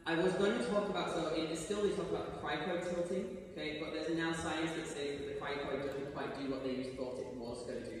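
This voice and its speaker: A male voice coach giving a singing workshop, explaining technique in a chatty way and checking in with the room. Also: fairly high pitch. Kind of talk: workshop teaching. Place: large recital hall. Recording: echoey hall from far off, noisy.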